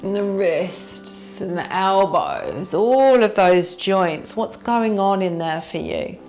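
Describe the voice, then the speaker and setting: A woman teacher guiding a yoga warm-up, gently asking the listener what they feel in the body. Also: mid-range voice, sing-song, faint music behind. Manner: slow, gentle, inviting questions to the listener. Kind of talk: guided yoga class instruction.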